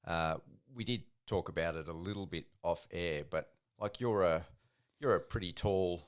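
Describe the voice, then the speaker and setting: A man hosting a podcast, asking questions in a relaxed, conversational way. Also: deep voice, moderate pace. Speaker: podcast host. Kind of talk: casual interview chat.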